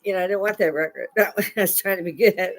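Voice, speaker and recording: A woman's voice: mid-range voice, steady tone, fast. An older woman from Chicago hosting a live stream, telling rambling stories into a lapel mic and often laughing mid-sentence. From Chicago, USA. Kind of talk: casual storytelling chat.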